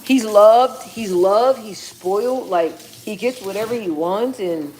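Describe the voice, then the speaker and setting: A young woman chatting casually on a livestream, slangy and relaxed as she talks to her viewers and her dog. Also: mid-range voice, slow, slight background noise. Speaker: livestream host.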